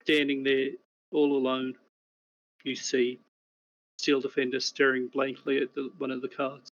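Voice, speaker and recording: A man narrating as game master of a tabletop game, describing scenes in a measured way. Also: medium pitch, monotone, highs cut off.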